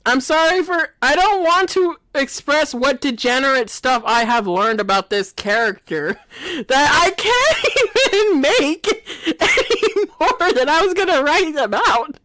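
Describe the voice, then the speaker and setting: A woman's voice: high-pitched, lively intonation, a little slow, a bit bright, dry recording. A woman talking in a rambling comic monologue, constantly laughing through her words and apologizing. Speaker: video creator.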